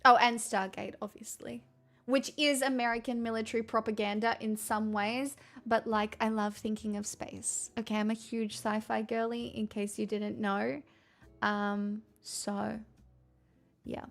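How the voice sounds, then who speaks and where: A woman's voice: on the high side, little pitch movement, a little slow, gravelly. A young woman streamer chatting casually and candidly with viewers, rambling and swearing freely. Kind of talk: casual chat answering viewer questions.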